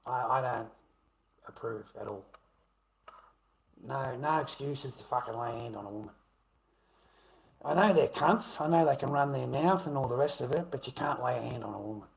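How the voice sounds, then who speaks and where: A man's voice: medium pitch, normal speed, vocal fry, long pauses. A middle-aged man with an Australian accent ranting bluntly at his live chat, swearing heavily and repeating himself. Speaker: livestreamer.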